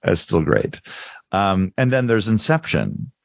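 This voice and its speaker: A man's voice: low-pitched, huge pitch swings, measured pace, gravelly, no room sound. A man co-hosting a podcast, chatting casually about films and rambling with frequent restarts. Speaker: podcast co-host. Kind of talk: casual film discussion. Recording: dull lo-fi sound, dry.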